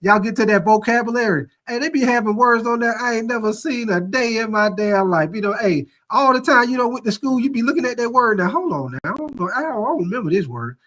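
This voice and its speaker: Speaking very high and quick with few pauses, this middle-aged man sounds a bit bright. On his laid-back live-streamed sports talk show he jokes around, reads out viewer comments, and tells crude stories while laughing at his own punchlines.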